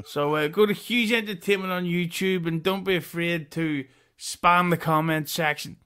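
A man appearing as a podcast guest, talking casually and hesitantly with many pauses. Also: on the high side, a bit bright, clean tone. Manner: hesitant, lots of uhs. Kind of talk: casual chat.

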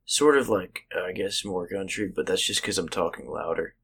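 A man co-hosting a podcast, chatting casually in halting, filler-heavy talk. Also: deep voice, gravelly, a bit bright, husky. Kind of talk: casual chat.

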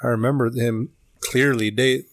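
A man co-hosting a podcast chats in an easygoing, agreeable way, sprinkling in dude and bro. His voice sits at a mid pitch, recorded dry and close. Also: fairly even intonation, moderate pace, dry recording. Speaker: podcast co-host. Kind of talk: casual chat.

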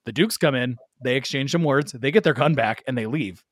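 A man casually telling a long, animated story as a guest, laughing often as he goes. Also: mid-range voice, brisk, no room sound, studio quality.

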